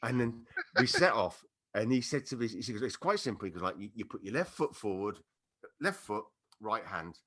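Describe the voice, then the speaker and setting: Lively man telling a story. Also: medium pitch, a little fast, hardly any pauses. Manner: animated anecdote-telling with laughter and acted-out quotes. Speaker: podcast guest. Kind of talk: casual storytelling chat.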